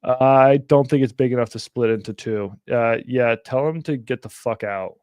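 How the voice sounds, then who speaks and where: A man's voice: mid-range voice, normal speed, darkish tone, clear, resonant tone, dry recording, studio quality. A young man hosting a casual livestream, talking bluntly and animatedly, with frequent swearing. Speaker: livestream host.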